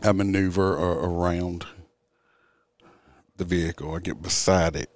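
Older man, cop, deep low voice, profane, rambling, tired, dry sound. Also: fairly even intonation, measured pace, dry recording. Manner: profane, blunt, rambling with restarts. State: yawning, tired. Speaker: police officer. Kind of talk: casual storytelling.

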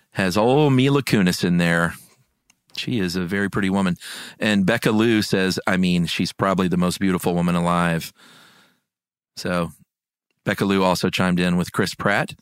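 Male podcast host, low voice, dry studio sound, casual and chuckly while reading out names. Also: fairly even intonation, moderate pace, clear, resonant tone, no room sound. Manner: reads listener comments aloud, chuckling, stumbling over names. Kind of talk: casual chat.

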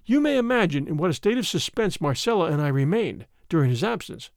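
A man narrating a first-person story in a measured, dramatic way. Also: a little high, very animated, dry recording, studio quality. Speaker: audiobook narrator.

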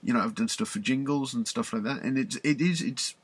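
A British man in his thirties hosts a podcast, talking in a friendly, chatty way at a middle pitch. His voice comes across dry and close, with no room echo. He sounds easygoing and encouraging. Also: a little fast, slightly rough. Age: 30s. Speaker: podcast host, songwriting teacher. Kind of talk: casual podcast interview.

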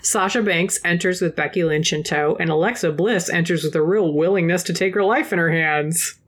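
A woman's voice: on the low side, fairly quick. A woman hosting a podcast, recapping with sardonic, profane asides. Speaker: podcast host. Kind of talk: casual chat and recap.

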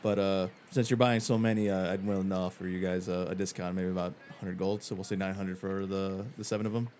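A man voicing a cautious male shopkeeper who haggles over prices, with halting speech and faint background noise. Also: sits low, flat delivery, darkish tone, voice pushed down, close to an everyday voice. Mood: bargaining. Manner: hesitant, halting bargaining.

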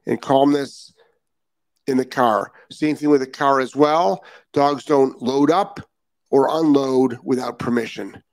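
On his live dog-training show in Florida, a man repeats his essential points for emphasis and doesn't soften his words. His mid-range voice moves at a measured pace, and the recording is dry.

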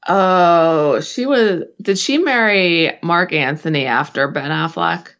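A woman's voice: on the low side, slow pace, fairly bright tone, lo-fi sound. A young woman co-hosting a podcast in casual chat, joking and trailing off mid-sentence. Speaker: podcast co-host.

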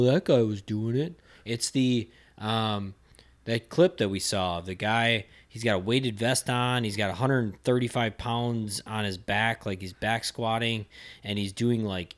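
Low-voiced man in casual chat. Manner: relaxed, laughs often, restarts sentences. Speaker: podcast co-host.

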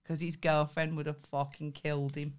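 A woman's voice: low voice, fairly bright tone, a little hiss or hum. A woman co-hosting a podcast, teasing and swearing, laughing often in casual chat. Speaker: podcast co-host.

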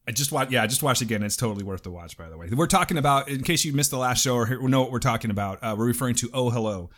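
A man's voice: medium pitch, lively intonation, very fast, fairly bright tone. A man co-hosting a podcast, laid-back and joking in casual chat. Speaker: podcast co-host.

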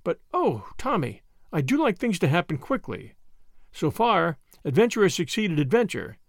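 A man voicing an eager, impatient young woman detective who talks in a lively, plucky way. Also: sits high, moderate pace, vocal fry, dry recording, studio quality, exaggerated voice. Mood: restless.

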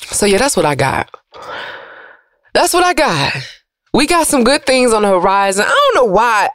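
A woman radio host, giving an emotional, preachy motivational monologue that swings from loud to soft. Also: on the high side, very animated, moderate pace, long pauses, no room sound, studio quality.

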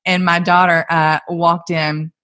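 Low-voiced woman telling lively stories. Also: measured pace. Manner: animated, laughs often while telling stories. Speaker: guest, mother and entrepreneur. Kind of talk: casual conversational storytelling.

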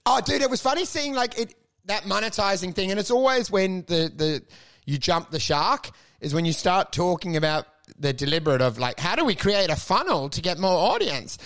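A man's voice: high voice, animated, normal speed, a bit bright. A man riffing as a podcast co-host, rambling and self-mocking with plenty of swearing. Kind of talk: casual comedic podcast chat.

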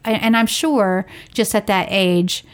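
A woman's voice: medium pitch, a little slow. Chatty woman telling family stories. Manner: chatty, rambling, laughs while telling stories. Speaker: podcast co-host and parent. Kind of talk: casual storytelling chat.

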